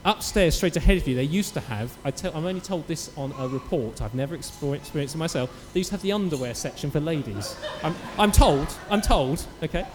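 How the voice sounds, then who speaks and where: Man, church preacher, animated sermon storytelling, bright high pitch, faint room ambience. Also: a little fast, few pauses, long reverb tail, slight background noise. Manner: animated storytelling with acted quotes. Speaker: pastor.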